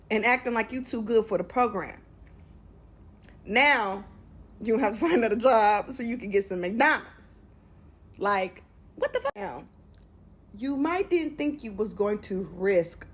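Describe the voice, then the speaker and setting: Exasperated ranting woman. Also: medium pitch. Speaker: commentator. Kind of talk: reaction rant.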